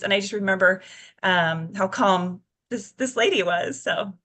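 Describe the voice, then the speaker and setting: Bright-voiced woman in her fifties. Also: medium pitch, moderate pace. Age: 50s. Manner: earnest, many fillers and restarts. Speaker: guest. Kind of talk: casual interview chat.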